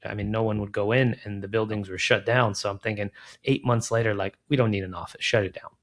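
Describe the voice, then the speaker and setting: Speaking fast in a low-leaning voice, this middle-aged recruiting firm founder chats casually as an interview guest. He tells stories with energy, performs the dialogue he quotes, and says "man" and "like" often.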